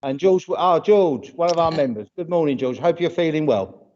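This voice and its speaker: Leading church over a livestream, a British man greets viewers by name in a chatty way. His fairly high, darkish voice moves at a normal speed. He's got a touch of hay fever with a runny nose, and the recording is dull and lo-fi.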